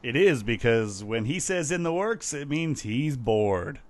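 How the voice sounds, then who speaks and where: A man in his thirties trades wry, deadpan quips in a relaxed podcast chat. His voice is mid-pitched, with nothing unusual about its sound. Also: unhurried. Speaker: podcast co-host. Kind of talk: casual chat.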